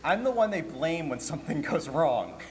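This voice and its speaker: A man's voice: a little high, normal speed. Joking man hosting a convention panel. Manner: joking, chatty, lively with laughs. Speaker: convention programming director. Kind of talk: live panel talk to an audience. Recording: hall reverb, faint room noise.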